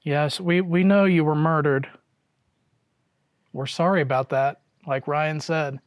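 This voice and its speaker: A man co-hosting a paranormal investigation, calmly speaking to the spirits and chatting with his partner. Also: a little high, a little slow, no echo, clean studio sound. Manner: calm, addresses spirits directly. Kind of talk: ghost-hunting chat.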